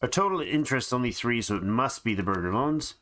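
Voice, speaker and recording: A man's voice: medium pitch, expressive, brisk, a bit bright. A tired man hosting a let's play, thinking aloud in casual game commentary with frequent restarts. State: tired and yawning.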